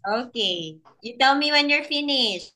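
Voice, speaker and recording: Woman, English tutor on a video call, higher voice, bright tone, slow and encouraging. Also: animated. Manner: patient and encouraging, laughs often. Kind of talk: one-on-one online lesson for a child.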